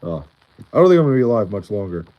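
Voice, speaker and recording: A man's voice: lowish voice, very animated, rapid-fire, dull audio. A man with a Long Island accent chatting casually on a livestream, rambling and leaning on "like" as he answers his chat. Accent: Long Island New York. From Long Island, New York. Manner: rambling, heavy use of "like" and restarts.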